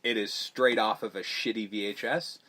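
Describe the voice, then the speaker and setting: A man's voice: fairly low pitch, normal speed. Profane rambling man reviewing a movie. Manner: profane, rambling, animated when mocking scenes. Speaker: podcast host. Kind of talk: casual movie review chat.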